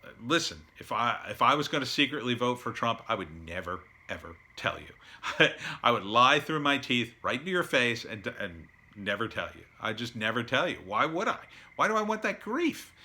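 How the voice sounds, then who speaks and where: This is a man talking off the cuff in a blunt, sarcastic monologue, chuckling at his own jabs. His voice is bright and forward, and his pitch moves a lot as he mocks the other side. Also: sing-song, normal speed. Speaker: political commentator. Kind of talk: casual opinion monologue.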